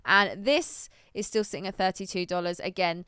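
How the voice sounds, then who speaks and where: A woman co-hosting a live stream in a relaxed, chatty way, often pausing on "um" as she thinks aloud. Her voice is very smooth and clear. The sound is dry and close, with no room around it. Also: mid-range voice, no echo. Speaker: stream co-host. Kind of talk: casual live-stream chat.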